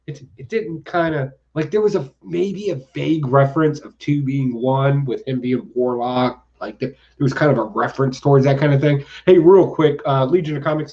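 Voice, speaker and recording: A man's voice: mid-range voice, a little mellow. Man, comic podcast host, rambling, laughing, sarcastic, slightly dull lo-fi sound. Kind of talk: casual comic review chat.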